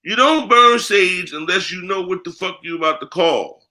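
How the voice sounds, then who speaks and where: A guest spiritual priest from the United States gives a candid interview, blunt and packed with profanity and street slang. His high, pushed and bright voice has lively intonation, and he keeps a moderate pace.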